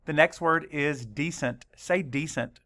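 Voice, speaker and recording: A male teacher leading a spelling lesson for children, spelling words slowly letter by letter and adding dry asides. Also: a little high, pushed and bright.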